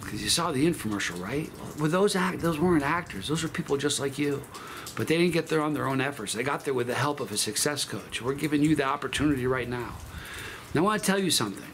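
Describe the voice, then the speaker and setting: A man speaks straight to his viewers in a casual storytelling monologue. His voice sits a little high, and he talks emphatically, often circling back and correcting himself mid-sentence. A faint ambient hum runs underneath. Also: quick pace, fairly bright tone. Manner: emphatic, rambling, with frequent restarts and self-corrections. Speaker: channel host.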